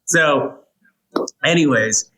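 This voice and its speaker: Lively man telling a story. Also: on the high side, very slow, rough recording. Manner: lively, acts out quotes in a put-on voice. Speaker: guest, author. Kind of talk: animated storytelling.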